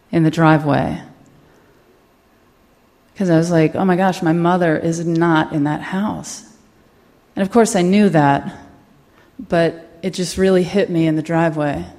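A woman from Mississippi, a comedian, telling a personal story on stage in a halting, candid, quietly emotional way. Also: on the low side. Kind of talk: stand-up storytelling monologue.

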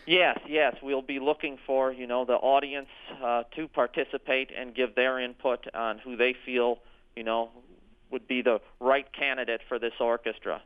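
A man's voice: medium pitch, fairly even intonation, normal speed, clean tone. Hesitant man on a tinny phone line. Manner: hesitant, many ums and restarts. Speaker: orchestra executive director. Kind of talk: radio interview, answering questions.

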